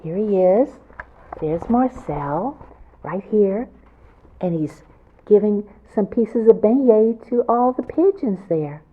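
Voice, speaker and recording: A woman's voice: medium pitch, expressive, takes it slowly. A woman reading a picture book aloud to children as a storyteller, with chatty asides about the pictures. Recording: tinny phone-like sound.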